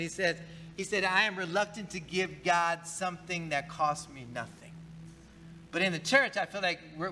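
A man's voice: high voice, pushed and bright, slight background noise, rough recording. A male pastor preaching a conversational sermon in church, talking casually, often repeating words and asking the congregation questions.

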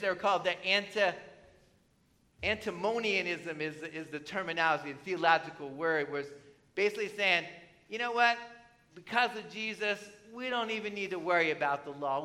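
A pastor preaching a conversational sermon in church, often asking the congregation questions. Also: male voice, sits high, sharp tone. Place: church with slides on a screen.

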